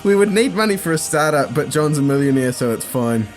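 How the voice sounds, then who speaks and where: A man's voice: fairly high pitch, expressive, fairly quick, faint music behind. Giggly man reading chat messages aloud. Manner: giggly, stumbling over his reading. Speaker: podcast co-host.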